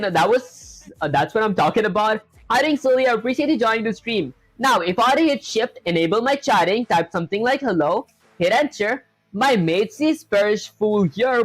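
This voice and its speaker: A live-streaming programmer talking casually while coding. The streamer often calls the viewers "guys" and laughs off their own small mistakes. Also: medium pitch. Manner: chatty, filler-heavy, self-deprecating, addresses chat as "guys".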